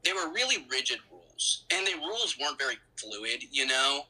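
A man's voice: mid-range voice, sing-song, fairly quick, sharp tone, husky, low-quality recording. A man as an interview guest, telling his story conversationally with many fillers and restarts.

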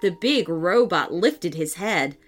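A woman storyteller narrating a children's story in an expressive, lilting way. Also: lowish voice, takes it slowly. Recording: soft background music.

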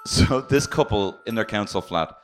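A man's voice: lowish voice, lively intonation, normal speed, over music. A man co-hosting a casual chat, playful and teasing. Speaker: podcast co-host.

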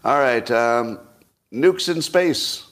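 A man's voice: mid-range voice, expressive, slow, fairly bright tone. Guy doing solo political commentary on his podcast, wry and skeptical, keeps asking rhetorical questions and chuckling dryly. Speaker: podcast host.

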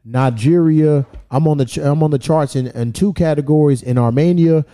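Mellow-voiced man hosting a podcast. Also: fairly high pitch, normal speed. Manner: loose, profane, reads out listener locations. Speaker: podcast host. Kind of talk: casual chat.

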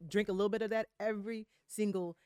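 A woman guest speaking in an earnest, reflective way, filling pauses with small affirmations. Her voice sits at a medium pitch, recorded dry and close. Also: little pitch movement, darkish tone, clear, resonant tone, no echo. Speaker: podcast guest. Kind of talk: casual chat.

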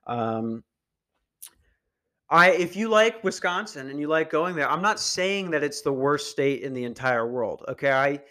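A man's voice: on the high side, animated, measured pace, pushed and bright. A young man hosting a podcast, ranting casually in a crude, meandering and sarcastic way. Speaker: podcast host. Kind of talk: casual rant.

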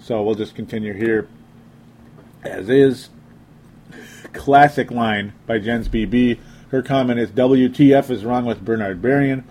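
A man's voice: mid-range voice, unhurried, pauses often, a little mellow. A young man hosting a casual sports talk show, reading listener comments aloud and joking around. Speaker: sports podcast host.

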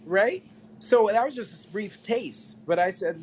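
Podcast guest, male, animated and chatty, leans on repetition and laughter. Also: sits high, a little slow, a little hiss or hum, low-quality recording. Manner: animated, repeats himself, laughs often. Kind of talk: casual storytelling chat.

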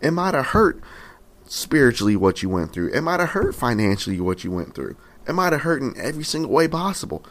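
A man's voice: medium pitch, very animated, a little fast, fairly bright tone. A man in his twenties preaching a sermon, telling a story with emphatic, repeated phrases. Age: 20s.

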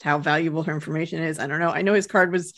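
A woman's voice: low voice, steady tone, rapid-fire. A woman co-hosting a podcast, casually retelling scenes in a chatty way and laughing now and then. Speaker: podcast co-host. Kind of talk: casual recap chat.

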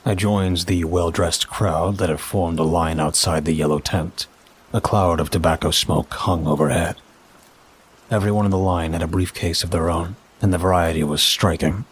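A man narrating a first-person story in a measured, dry way. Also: sits low, steady tone, breathy edge.

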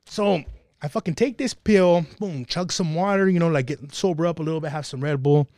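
A man's voice: on the high side, brisk, darkish tone, no room sound, clean studio sound. A man telling a profane, laughing story in casual podcast talk. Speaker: podcast guest.

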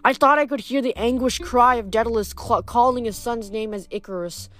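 A woman's voice: a little high, fairly quick, fairly bright tone. Woman reading a novel aloud, stumbling. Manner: frequent stumbles and restarts. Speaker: reader.

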